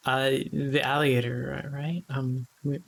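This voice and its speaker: A woman playing a tabletop role-playing game, speaking quietly and haltingly. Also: rumbling low, flat delivery, vocal fry. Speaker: player.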